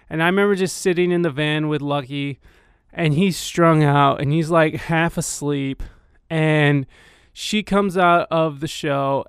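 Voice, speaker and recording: A man's voice: on the high side, smooth, dry recording, clean studio sound. A man telling a casual anecdote in a rambling, profane way, full of fillers.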